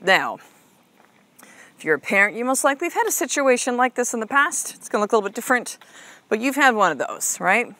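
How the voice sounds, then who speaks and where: A woman's voice: medium pitch, fairly bright tone. An upbeat woman life coach talks straight to her listener in a motivational podcast monologue. Her delivery is casual and chatty, full of fillers and tag questions, with blunt emphasis and the occasional swear. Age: adult mother of a six-year-old. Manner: casual, chatty, frequent "like" and "right?", swears freely.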